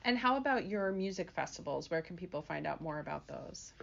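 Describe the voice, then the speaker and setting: A woman's voice: fairly low pitch, expressive, fairly quick, creaky, dull audio. A woman host interviewing a guest with polite, direct questions. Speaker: podcast host.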